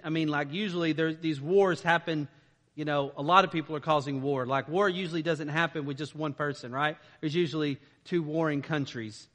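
A man's voice: a little high, fairly bright tone, long reverb tail. A man preaching a conversational sermon, informal and often checking in with "right?". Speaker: pastor.

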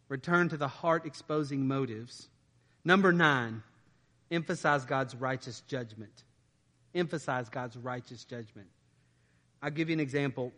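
A man's voice: mid-range voice, fairly bright tone, long reverb tail. A man preaching a conversational sermon, informal and often checking in with "right?". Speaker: pastor.

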